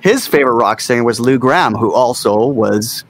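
A man's voice: medium pitch, normal speed. A man co-hosting a casual music chat, easygoing and telling anecdotes.

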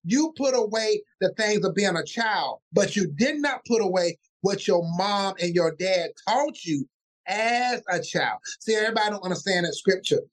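High-voiced animated male pastor. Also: moderate pace. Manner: animated, acts out family voices mid-story. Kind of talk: casual interview storytelling.

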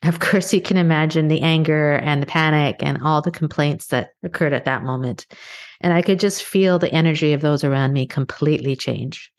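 A middle-aged woman from Canada hosting a podcast, speaking in an earnest, measured way and slowing down for emphasis. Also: deep voice. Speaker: podcast host. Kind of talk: reflective motivational monologue.

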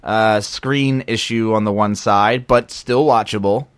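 A man's voice: lowish voice, steady tone, measured pace, clean tone, no room sound. Rambling young man. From Philadelphia area. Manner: rambling, self-interrupting, easygoing. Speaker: podcast co-host. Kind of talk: casual chat.

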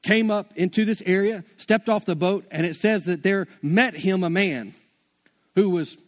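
A high-voiced man delivers a sermon in an easygoing, conversational manner. He drops slang into his teaching and talks to the room like friends. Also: measured pace. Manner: casual, conversational preaching with slang. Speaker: preacher.

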